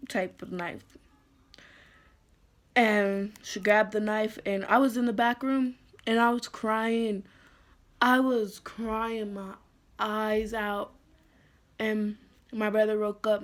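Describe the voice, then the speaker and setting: Young woman halting through a storytime. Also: medium pitch. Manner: halting, full of "like" fillers and restarts; somber, emotional retelling. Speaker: vlogger. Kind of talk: storytime vlog.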